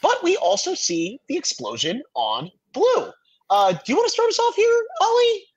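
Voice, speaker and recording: A man co-hosting a podcast, chatting casually with lively stammering restarts. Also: very high-pitched, moderate pace, highs cut off. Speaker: podcast co-host. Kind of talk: casual recap chat.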